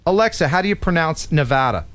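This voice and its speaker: A man's voice: a little high, lively intonation, fast talker, a bit bright, no echo. A man hosting a casual live stream, chatting with a co-host and viewers and making playful jokes.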